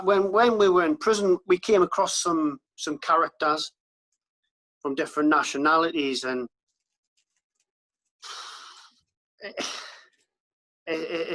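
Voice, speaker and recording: A man's voice: a little high, pushed and bright, rough recording. A man, a podcast guest, recalling events in a wry, incredulous way. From Britain. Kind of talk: conversational recollection.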